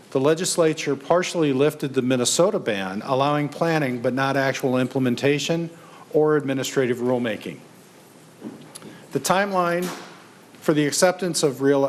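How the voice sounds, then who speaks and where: A man, a state senator, presenting a bill to a committee in measured, prepared remarks. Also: medium pitch, a little hiss or hum. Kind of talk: formal testimony. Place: legislative hearing room.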